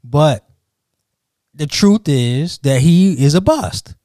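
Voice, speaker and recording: Measured, argumentative man chatting. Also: a little high, lively intonation, mellow, dry recording, clean studio sound. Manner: argumentative, measured, pushes back with counterpoints. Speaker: podcast co-host. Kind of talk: casual chat.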